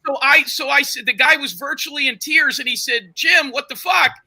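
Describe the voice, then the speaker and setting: A man's voice: very high voice, normal speed, gravelly, sharp tone. A man hosting a podcast, pushing his side of a story during a heated argument and talking over the others. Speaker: podcast host.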